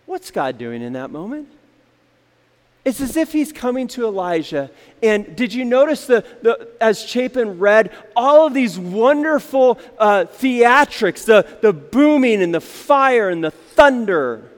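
High-voiced preacher in a reverberant hall. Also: male voice, big pitch swings, slow pace, long pauses. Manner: storytelling, acts out quoted voices, swings from loud to hushed. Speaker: pastor. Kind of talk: sermon.

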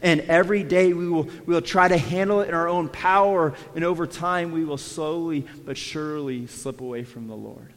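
A man preaching a sermon as pastor, dropping to hushed lines and then rising to emphatic ones, and acting out quoted prayers with feeling. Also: fairly high pitch, moderate pace, hardly any pauses, long reverb tail. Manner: swings between quiet hushed lines and raised emphatic ones.

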